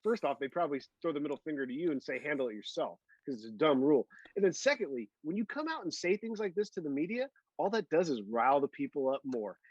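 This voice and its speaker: A man's voice: on the high side, sing-song, fast, hardly any pauses, no echo, muffled recording. A man co-hosting a casual golf podcast, talking bluntly and emphatically. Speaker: podcast co-host.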